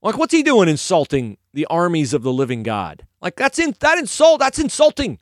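A man's voice: sits high, huge pitch swings, normal speed, dry recording, pitched above the performer's own voice. A fearless young shepherd boy brags in casual slang, as a man puts him on. His voice shoots far above the man's own and bounces around with energy. The sound is close and dry. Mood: indignant.

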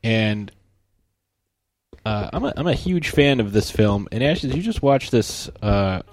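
A man's voice: lowish voice, lively intonation, a little slow, no echo, studio quality. A man hosting a podcast in casual chat, joking, teasing and sarcastic. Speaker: podcast host.

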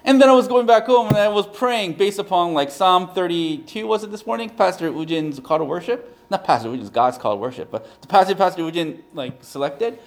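A man, a pastor, preaching a conversational sermon, animated and repeating phrases for emphasis. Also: sits high, a little fast, few pauses.

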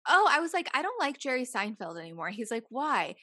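A woman's voice: a little high, sing-song, fairly quick, pushed and bright, no room sound, studio quality. A woman co-hosting a podcast, chatting casually with playful, jokey reactions. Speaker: podcast co-host. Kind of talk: casual chat.

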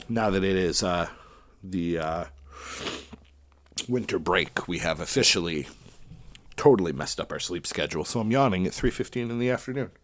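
Lowish guy rambling through his wrestling picks, chatty, dry close mic. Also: lively intonation, fairly quick, no room sound. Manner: chatty, thinking aloud while picking winners. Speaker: wrestling podcast host. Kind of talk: casual solo commentary.

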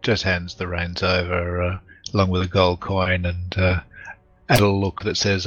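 A man's voice: low voice, monotone, unhurried, fairly bright tone, no room sound, highs cut off. A man playing a tabletop role-playing game, speaking in a mild, hesitant, courteous manner. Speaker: player.

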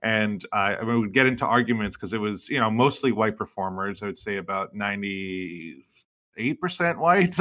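Young male podcast co-host, bright voice, animated delivery with big pitch jumps on impressions. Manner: animated, jumps high in pitch when mimicking people. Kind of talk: casual chat.

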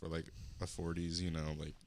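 Very deep-voiced laid-back young man. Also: little pitch movement, fairly quick, darkish tone. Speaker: podcast co-host. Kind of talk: casual chat.

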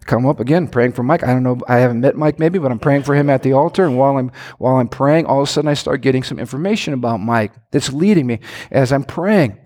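A middle-aged man, a pastor, preaching a sermon with animated storytelling and frequent questions to his congregation. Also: fast talker. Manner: animated storytelling with lively pitch swings and direct questions to the congregation.

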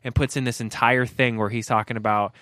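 Fast-talking man in casual chat. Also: medium pitch, flat delivery, a bit bright, no room sound, clean studio sound.

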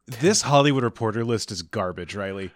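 A man co-hosting a podcast, rambling through joking pitches in casual chat. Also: lively intonation, brisk, no room sound, studio quality. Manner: rambling, riffing on mock show ideas. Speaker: podcast co-host.

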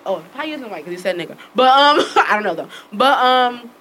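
A woman telling a story casually to friends, acting out the dialogue with lively swearing and frequent laughter. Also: a little high, fairly quick, slight background noise, rough recording. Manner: animated, acts out quoted dialogue with swearing; laughs often while telling.

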